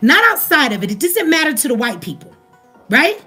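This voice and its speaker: A woman's voice: high-pitched, big pitch swings, brisk, sharp tone, faint music behind. A woman with an African American English accent giving a profane, heated commentary rant straight to her viewers. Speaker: commentary vlogger. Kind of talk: ranting commentary.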